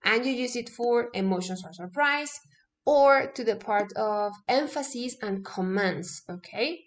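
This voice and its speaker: A woman's voice: fairly high pitch, animated, unhurried. Woman teacher explaining punctuation, native Spanish speaker. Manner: explanatory, frequent "okay?" checks, self-corrections. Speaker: English teacher. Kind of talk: explaining grammar lesson.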